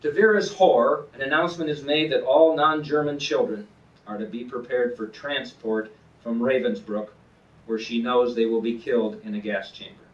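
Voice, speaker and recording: Male author doing an earnest, measured book reading; mid-range voice, distant mic in an echoey room, muffled lo-fi recording. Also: mid-range voice, steady tone. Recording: roomy, distant, dull lo-fi sound.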